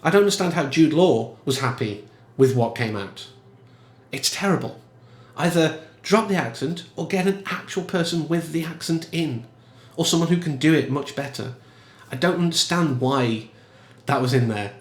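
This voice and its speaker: A man giving casual, emphatic film commentary in a chatty, animated way. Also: a little high, moderate pace, echoey room. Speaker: film reviewer.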